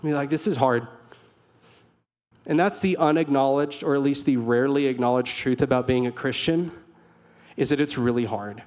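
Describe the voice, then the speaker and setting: A young man preaching a sermon in a church hall, earnest and conversational, with storytelling asides. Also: mid-range voice. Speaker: pastor.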